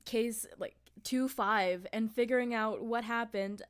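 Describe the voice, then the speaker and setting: A woman hosting a game playthrough, reading its text aloud and chatting in an animated, jokey way. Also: fairly high pitch, a little slow, smooth. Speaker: let's play host.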